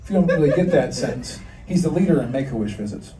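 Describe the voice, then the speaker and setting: A man in his thirties works a comedy club crowd with crude jokes at his own expense, talking fast with few pauses in an animated, mid-range voice. The live recording sounds roomy and distant, with a laughing audience and plenty of background noise.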